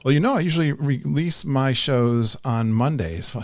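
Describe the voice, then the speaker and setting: A man's voice: mid-range voice, normal speed, no echo, clean studio sound. A man hosting a podcast, chatting in an upbeat way and laughing often. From Connecticut, USA. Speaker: podcast host. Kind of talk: casual podcast chat.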